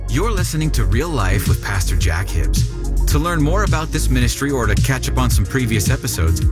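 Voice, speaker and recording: Guy doing the show promo, smooth announcer read, lively delivery, loud music bed behind him. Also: mid-range voice, a little fast. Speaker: radio announcer. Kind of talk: scripted announcement.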